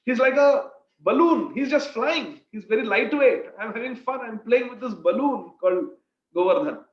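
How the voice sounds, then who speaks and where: A man's voice: very high voice, expressive, normal speed, voice pushed up. Playful carefree divine boy , man reading him: light and reassuring; dull roomy sound. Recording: echoey room, dull lo-fi sound.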